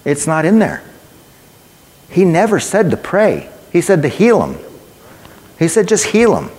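A man's voice: a little high, huge pitch swings, a little slow, a little mellow. Man preaching in a reverberant hall. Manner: conversational, storytelling, addresses listeners directly. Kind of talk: sermon with personal testimony.

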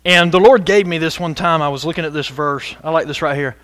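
A man preaching a sermon as pastor, animated and conversational, breaking into sudden shouts for emphasis. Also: on the high side, a little fast, dry recording.

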